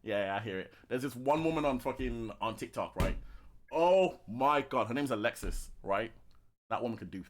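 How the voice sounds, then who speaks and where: A man co-hosting a casual podcast, full of slang and easy swearing. His pitch swoops up and down as he talks. He laughs often and keeps everything loose and playful. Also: moderate pace, a little hiss or hum. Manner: slangy and excitable, says bro, swears, laughs a lot. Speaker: podcast co-host. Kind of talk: casual chat.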